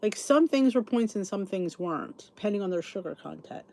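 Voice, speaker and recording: A woman's voice: mid-range voice, lively intonation, fairly quick, gravelly, mellow, a little hiss or hum. A middle-aged woman hosting a podcast, chatting in a rambling, sleepy way as she thinks aloud and answers comments. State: sleepy, yawning. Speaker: podcast host. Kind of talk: casual chat reading live comments.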